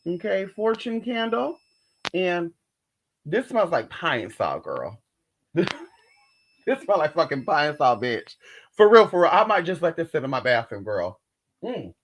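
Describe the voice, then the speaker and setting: A woman in a casual haul vlog, chatty and profane, who keeps calling her viewers girl and y'all and squeals high when she shows off what she bought, talking from home. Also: sing-song, unhurried, long pauses, rough recording. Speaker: vlogger.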